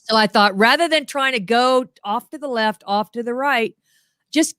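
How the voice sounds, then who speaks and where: A lively middle-aged woman tells funny stories in an easy, chatty way, slipping into little voices for the people she quotes. Her voice sits a bit high and sounds close and dry. She is speaking over a video call. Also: moderate pace, clean tone, no room sound. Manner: animated storyteller, acts out quotes in voices. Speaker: guest, motivational humorist. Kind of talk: casual interview chat.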